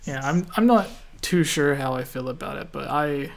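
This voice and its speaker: A man from Canada hosting a casual gaming podcast, relaxed and laughing often as he reads listener questions. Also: a little high, moderate pace, gravelly. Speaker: podcast host.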